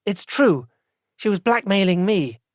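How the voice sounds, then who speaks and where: A man voicing a nervous young male elf singer who speaks jittery and squeaks with alarm. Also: very animated, measured pace, dry recording, clean studio sound. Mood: anxious.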